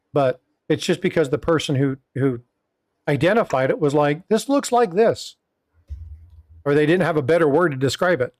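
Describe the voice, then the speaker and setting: A middle-aged man hosts a casual stream chat, and his voice sits a little high for a man. He rambles through his points with plenty of filler words. He stops now and then to read viewer comments aloud. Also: darkish tone. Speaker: livestream host.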